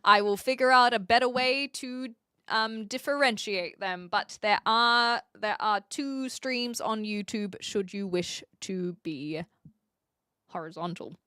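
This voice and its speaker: Bright Kiwi woman streamer chatting. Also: mid-range voice, unhurried, clean tone, dry recording, studio quality. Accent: New Zealand. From New Zealand. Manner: chatty, laughs often, answers chat. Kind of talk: casual live-stream chat.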